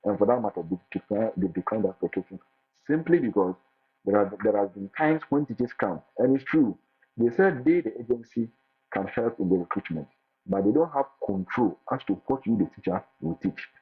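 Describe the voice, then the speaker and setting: A man gives lively, casual advice, often repeating and restarting his words. His voice is low and husky. It comes through a thin, phone-like line with faint music behind it. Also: a little fast. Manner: animated, repeats words and restarts, acts out quotes. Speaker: international teacher sharing his experience.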